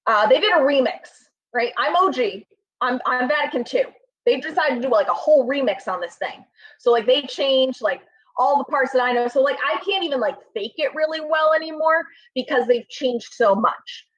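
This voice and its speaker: A woman's voice: high-pitched, normal speed, fairly bright tone, husky. A young woman telling a funny personal story in a rambling, self-deprecating way, full of fillers. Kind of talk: comic storytelling. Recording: slightly dull, lo-fi sound.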